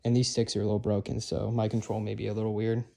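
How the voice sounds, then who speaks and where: A young man gives a relaxed drumline lesson in a loose, rambling way, stopping and restarting his thoughts. He is captured on a camera mic, and a steady hiss of room noise sits under his voice. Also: lowish voice, fast talker, vocal fry. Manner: loose and chatty, many fillers and restarts. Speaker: drumline instructor. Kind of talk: casual instructional talk. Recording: noisy room recording.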